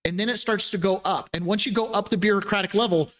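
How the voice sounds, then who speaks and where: A man's voice: high-pitched, quick pace, a bit bright. A man hosting a casual political talk podcast, chatty and rambling, laughing between points. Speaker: podcast host.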